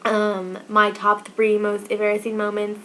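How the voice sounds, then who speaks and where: A woman of twenty-one telling personal stories in a chatty, animated vlog, acting out quoted dialogue as she goes. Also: medium pitch, measured pace, a little hiss or hum. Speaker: vlogger. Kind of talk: casual storytelling vlog.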